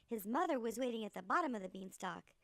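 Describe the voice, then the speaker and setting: A woman reading a fairy tale aloud in an animated, theatrical storyteller style. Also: a little high, quick pace, dry recording.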